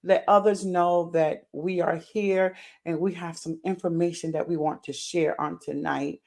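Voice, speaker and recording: A woman hosting a live stream, talking casually and excitedly, repeating her greetings and saying "y'all" to viewers. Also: on the low side, a little slow. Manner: uses Southern US words like y'all. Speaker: livestream host and founder.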